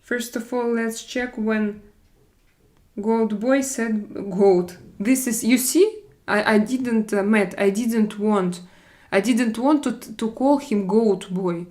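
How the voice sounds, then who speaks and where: A woman with a Russian accent hosts a relaxed live-stream chat and talks to her viewers. She speaks slowly, in a slightly high voice, and hesitates, stumbles and restarts as she goes. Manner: halting, hesitant, many fillers and restarts. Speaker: livestream host reading chat.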